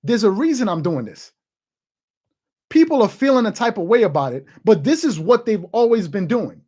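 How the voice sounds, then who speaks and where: Thirty-something sports host, forceful and repetitive, ranting opinion piece to camera. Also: mid-range voice, big pitch swings, moderate pace. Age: 30s. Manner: emphatic and repetitive, hammering points home.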